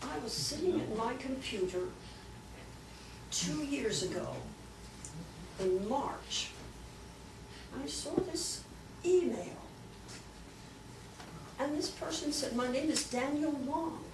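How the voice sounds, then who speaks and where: An older woman shares a personal story with a club audience, bringing the people in it to life as she goes. Her voice sits a touch high. It carries through an echoey room from a mic some way off, with faint room noise underneath. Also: takes it slowly, pauses often, recorded from a distance. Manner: lively storyteller, acts out quoted voices. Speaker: guest speaker.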